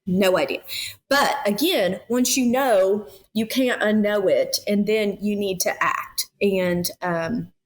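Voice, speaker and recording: Speaking slowly and rarely pausing, a woman with a mid-range voice appears as a podcast guest in her thirties. She talks about being a foster parent in a heartfelt, earnest, emotional way, with plenty of fillers.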